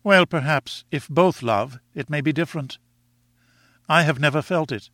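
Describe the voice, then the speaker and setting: A man reading aloud voices a proud, composed young woman who gently reproves and reasons with her suitor. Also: fairly high pitch, normal speed, dry recording, clean studio sound, pitched above the performer's own voice, lightly acted.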